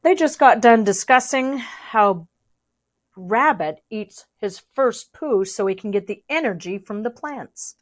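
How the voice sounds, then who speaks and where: Lively woman reading a storybook aloud. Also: on the high side, unhurried. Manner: lively, chatty asides to young listeners. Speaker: reader.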